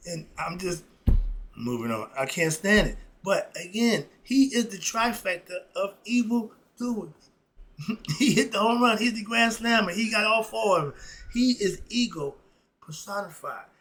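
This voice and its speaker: A man with a notably high-pitched voice delivers a solo commentary monologue. He talks in a heated, sarcastic, rambling way. He keeps circling back to the same points. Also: expressive, a little slow, fairly bright tone, poor audio. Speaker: philosophy commentator.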